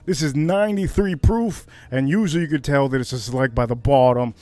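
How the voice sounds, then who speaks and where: A man from Miami hosting a casual whiskey livestream, brash and hyped, jumping to high shouts on catchphrases. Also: a little fast, no echo. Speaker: livestream host reviewing whiskey.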